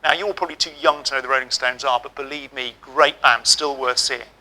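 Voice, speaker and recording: A man's voice: medium pitch, fairly even intonation, brisk, bright, forceful tone, rough recording. A middle-aged man giving a ceremony address, telling a humorous hospital anecdote and giving direct advice. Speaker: ceremony speaker. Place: lecture hall.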